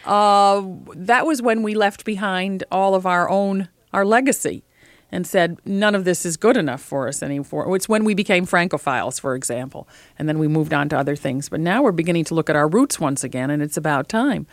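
A woman food writer as an interview guest, telling lively, opinionated stories in casual conversation. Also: on the low side, brisk, no echo.

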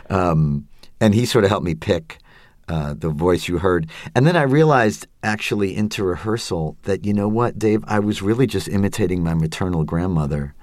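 A middle-aged actor talks through his memories in an interview. He is thoughtful and hesitant, with many fillers. His voice is very deep, and the recording is close and dry. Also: normal speed, darkish tone, dry recording. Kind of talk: casual interview talk.

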